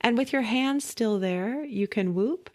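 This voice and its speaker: A woman voice teacher gently guiding listeners through a vocal warm-up, giving calm step-by-step instructions with light laughs. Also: a little high, a little slow. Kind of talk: guided vocal warm-up lesson.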